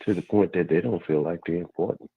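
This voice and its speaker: A man calling in to a radio talk show, speaking earnestly and haltingly, with many restarts. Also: deep voice, fairly even intonation, slightly rough, dry recording. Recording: tinny phone line.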